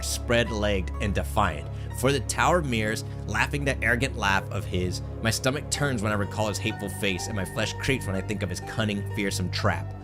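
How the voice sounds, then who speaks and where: Low-voiced man reading game text dramatically. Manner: earnest, expressive reading with brief surprised asides. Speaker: streamer. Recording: game music behind the voice.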